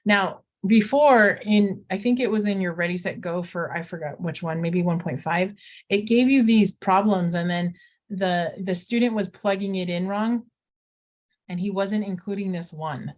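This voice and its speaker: A woman's voice: mid-range voice, moderate pace. Middle-aged woman, math teacher; chatty walkthrough with playful asides. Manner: chatty, talks students through steps, playful asides. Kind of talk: recorded math lesson walkthrough.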